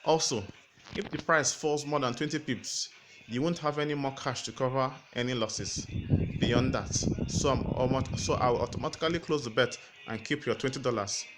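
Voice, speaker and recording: A man's voice: mid-range voice, normal speed, noisy background, natural voice. Spider-Man as a man doing a sly broker. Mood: explaining. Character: sly scheming male superhero acting as broker. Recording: music playing underneath.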